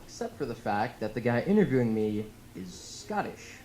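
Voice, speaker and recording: A teenage boy tells deadpan stand-up stories on a club stage through a handheld mic. His pitch moves in a lively way. The recording is noisy. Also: normal speed. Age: teens. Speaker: stand-up comedian. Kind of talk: stand-up comedy set.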